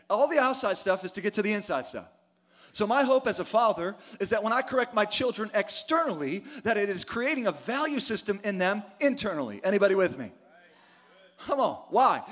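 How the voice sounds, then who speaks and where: Here a pastor, a middle-aged man, preaches in a bright-toned, high-pitched voice. His sermon is emphatic, full of rhetorical questions and calls for the congregation to respond.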